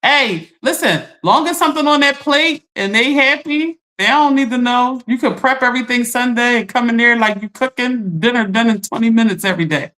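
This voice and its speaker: A woman's voice: a little high, brisk, hardly any pauses, a bit bright. A middle-aged woman, chatting on a livestream and reading viewer comments, laughing and teasing. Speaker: livestream host.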